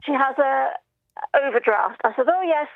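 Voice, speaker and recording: A woman's voice: sits high, lively intonation, moderate pace, creaky, dry recording. Chatty Northeast English woman on the phone. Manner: chatty, laughs through her stories. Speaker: caller. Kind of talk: casual phone-in storytelling. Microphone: telephone. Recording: muffled phone line.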